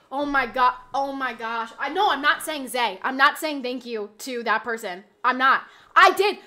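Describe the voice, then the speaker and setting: Woman, high voice, streamer, casual chat, exasperated rambling. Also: moderate pace, hardly any pauses. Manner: exasperated, rambling, bursts into loud yelling. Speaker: live streamer.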